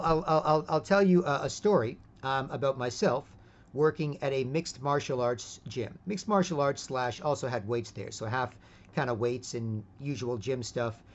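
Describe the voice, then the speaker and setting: A man in a rambling monologue who keeps asking 'right?' and restarts his sentences. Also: medium pitch. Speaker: vlogger. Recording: dull lo-fi recording.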